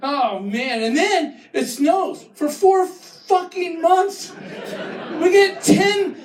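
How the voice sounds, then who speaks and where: A man doing a stand-up comedy set, ranting and mocking, breaking into shouted impressions. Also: extremely high pitch, drawn-out words, echoey room, recorded from a distance. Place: live comedy venue with an audience.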